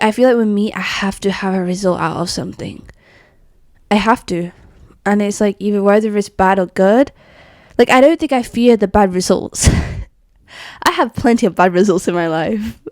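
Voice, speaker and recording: A woman's voice: mid-range voice, darkish tone, no echo, studio quality. A young woman rambling in a casual rant from her bedroom, scattered and self-mocking, laughing and sighing between thoughts. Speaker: vlogger.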